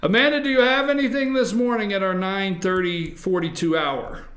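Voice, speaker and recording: A man's voice: sits high, moderate pace, a bit bright, roomy sound, a little hiss or hum. A man hosting a morning talk show, chatting casually about politics and repeating himself when pressing a point.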